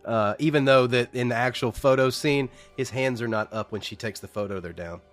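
A man's voice: mid-range voice, a little fast, soft background music. A man co-hosting a casual movie podcast, nitpicking scenes with lots of swearing and laughter. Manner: nitpicky, profane, laughs often. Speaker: podcast co-host reviewing a movie. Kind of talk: casual chat.

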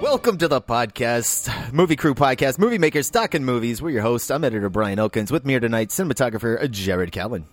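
A man's voice: mid-range voice, lively intonation, brisk, hardly any pauses. A man in his forties hosting a casual film podcast, teasing and laughing easily. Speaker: podcast host and film editor.

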